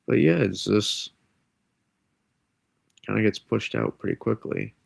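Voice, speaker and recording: Stuffy male weather streamer with a cold, rambling, self-correcting, gravelly, dry close mic. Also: lowish voice, lively intonation, a little slow, dry recording. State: congested from a cold. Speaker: weather forecaster. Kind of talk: live-stream weather model breakdown.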